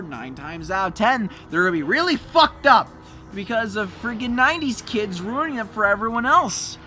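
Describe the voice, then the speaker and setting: A man in his twenties doing rambling, profane let's play commentary over a game. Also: high voice. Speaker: gameplay commentator. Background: game music.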